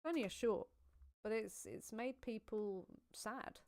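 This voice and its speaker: Chatty giggly woman on a livestream, smooth voice with a bit of fry. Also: fairly high pitch, measured pace, darkish tone. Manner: giggly, chatty, thanking viewers. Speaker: livestream host. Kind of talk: casual livestream chat.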